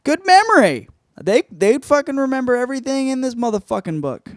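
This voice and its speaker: Man, solo comedy podcast host, profane, rambling, self-mocking, lively voice, dry close sound. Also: very high voice, fast, no room sound.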